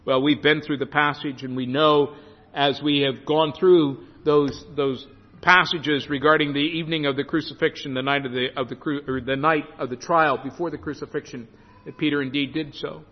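A man's voice: a little high, steady tone, moderate pace. A male preacher reading and explaining scripture emphatically, often restarting his phrases. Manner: emphatic, with frequent restarts and stumbles. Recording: reverberant hall, dull lo-fi sound.

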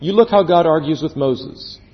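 A man preaching a sermon with dramatic delivery, dropping to a hushed low voice on key phrases and acting out quoted voices. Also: normal speed. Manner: acts out quoted voices with rising pitch. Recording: dull sound with long hall reverb.

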